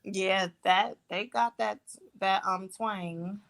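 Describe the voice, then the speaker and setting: A woman's voice: medium pitch, fairly even intonation, takes it slowly, gravelly, fairly bright tone. A woman guest on a casual livestream, a tarot reader who talks bluntly and laughs often.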